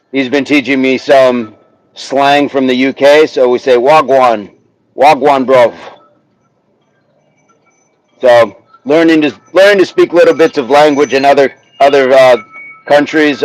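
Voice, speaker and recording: A man hosts a relaxed livestream outdoors, talking at an unhurried pace in a middle-pitched voice. He reads chat aloud and sounds out words carefully. The sound is dry and close. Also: dry recording, low-quality recording. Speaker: livestream host. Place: outdoors, windy, a tree behind him.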